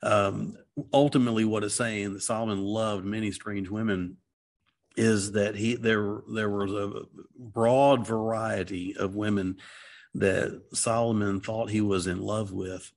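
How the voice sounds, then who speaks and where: Middle-aged man, fairly low voice, earnest, rambling, casual Bible talk, lots of restarts. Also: fairly even intonation, measured pace. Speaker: Christian teacher.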